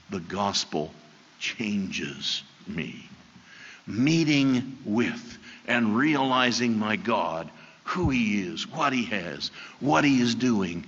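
A man preaching a sermon, telling the story with animated voices and dropping soft and slow for key lines. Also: fairly low pitch, breathy edge. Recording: dull sound with long hall reverb.

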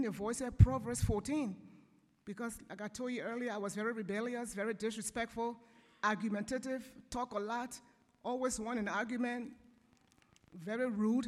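Woman sharing her testimony at church, kinda high voice, gets emotional, long hall reverb. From Africa. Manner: emotional, apologizing and pausing. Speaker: church member giving testimony.

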